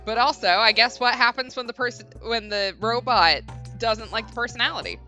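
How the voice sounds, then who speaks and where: A woman's voice: on the high side, brisk, bright, forceful tone, faint music behind. A young woman streaming a video game, chatting casually and swearing freely. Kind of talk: casual let's-play commentary. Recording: dull lo-fi stream mic.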